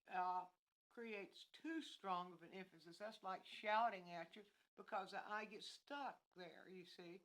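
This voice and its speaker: Woman giving a halting art lesson. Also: medium pitch, fairly bright tone, rough recording. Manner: meandering, thinking aloud with many restarts. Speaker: art instructor. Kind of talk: livestreamed painting lesson.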